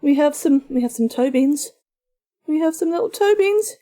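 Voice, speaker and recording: A woman's voice: high-pitched, moderate pace. A woman streaming a game live, chatting casually and answering her viewers. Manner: chatty, animated, reads and answers chat.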